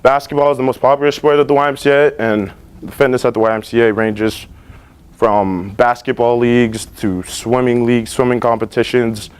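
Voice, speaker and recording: A young man in his late teens giving a class presentation about his internships, earnest and relaxed, with many fillers and restarts. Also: medium pitch, moderate pace, clear, resonant tone. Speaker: student presenter. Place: school library.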